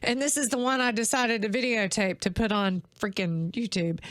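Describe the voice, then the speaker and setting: Woman podcaster, choked up and halting, dry mic. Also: mid-range voice, fairly even intonation, fairly bright tone, no room sound. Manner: emotional, halting with restarts. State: tearful. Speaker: podcast host. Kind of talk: personal podcast monologue.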